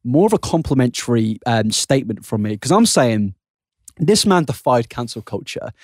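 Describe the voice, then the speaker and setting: A man's voice: mid-range voice, big pitch swings, moderate pace, darkish tone, dry recording, clean studio sound. A young British man in his twenties hosting a casual podcast, giggling, swearing and stumbling over his sentences. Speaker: podcast host. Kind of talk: casual chat.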